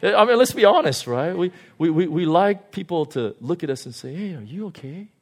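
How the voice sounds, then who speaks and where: A male pastor giving a conversational sermon, animated and often chuckling. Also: on the high side, normal speed.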